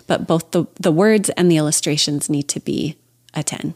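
A woman's voice: low voice, normal speed, a little mellow. A middle-aged woman speaking as a guest expert on a podcast, enthusiastic and opinionated in casual conversation, laughing often. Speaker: guest children's book expert.

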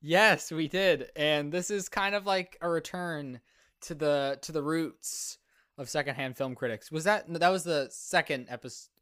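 A man's voice: on the high side, unhurried, a bit bright, clear, resonant tone, no room sound, studio quality. Joking young man hosting a podcast. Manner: joking, self-deprecating, rambling with restarts. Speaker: podcast host. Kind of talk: casual chat.

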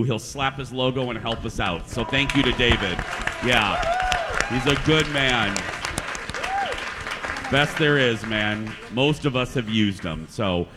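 A man hosting a casual chat show, upbeat and joking. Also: medium pitch. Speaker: podcast host.

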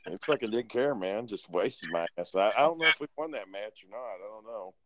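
Deep-voiced laid-back man. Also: animated, brisk, fairly bright tone, poor audio. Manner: laid-back, swears freely. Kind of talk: casual gaming chat.

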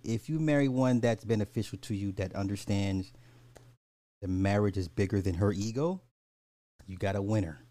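A man's voice: lowish voice, mellow, no room sound. A man hosting a podcast of casual social commentary, blunt and slangy, swearing freely as he gives his opinions. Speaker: podcast host.

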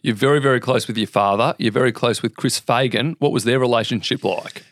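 A man's voice: medium pitch, brisk, dry recording, studio quality. A man hosting a podcast interview, asking short prompting questions. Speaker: podcast host.

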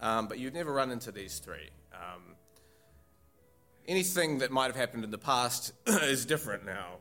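Game master, bright, lively narrator, playful. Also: male voice, medium pitch, normal speed, soft background music. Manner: playful, laughs often.

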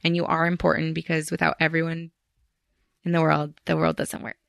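A woman's voice: sits low, completely flat delivery, brisk, gravelly, fairly bright tone, no echo, clean studio sound. A young woman guest on a podcast, joking playfully and giving earnest encouragement. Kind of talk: casual podcast chat.

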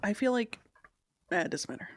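A man's voice: sits high, animated, a little fast, no room sound. A man co-hosting a podcast in casual chat, giving short reactions and teasing jokes. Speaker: podcast co-host.

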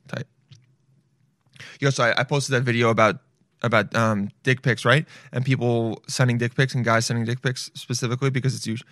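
A man talking straight to viewers in a casual, profane monologue, loud and animated, swearing freely. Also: medium pitch, no room sound, clean studio sound. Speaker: vlogger.

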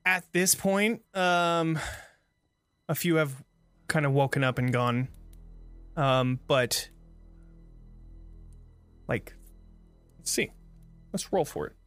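A man narrating as the game master of a tabletop game, relaxed, with halting fillers. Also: fairly high pitch, clear, resonant tone, no echo, soft background music.

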